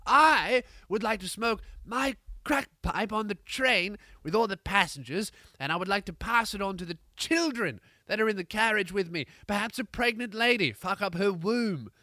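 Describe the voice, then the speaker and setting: A man voicing a stubborn, high homeless woman in a put-on posh English accent, haughty, crude and drawn out. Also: animated, moderate pace, few pauses, bright, forceful tone, no room sound, studio quality.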